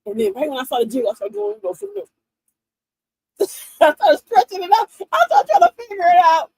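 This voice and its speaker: A woman in her fifties hosting a livestream, telling funny stories in an animated, laughing way to her viewers. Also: very high-pitched, brisk, no room sound, poor audio. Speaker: livestream host. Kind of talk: casual chat to viewers.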